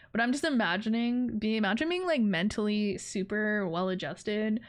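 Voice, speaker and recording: A woman's voice: mid-range voice, moderate pace, hardly any pauses. A young woman livestreaming, chatting casually in a rambling, self-deprecating way with frequent giggles. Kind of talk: casual stream chat.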